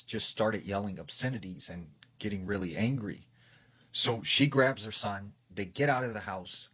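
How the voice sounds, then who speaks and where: A man's voice: lowish voice, fairly bright tone, husky. A man retelling a creepy story in a loose, casual way, full of "like" and "you know". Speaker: narrator of a scary story.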